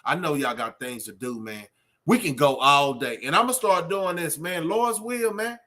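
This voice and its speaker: A middle-aged channel host from Texas gives an off-the-cuff motivational talk, speaking straight to his viewers like a street preacher. He rambles and circles back, using fillers, at a moderate pace. His voice sits high for a man and rings bright and forceful.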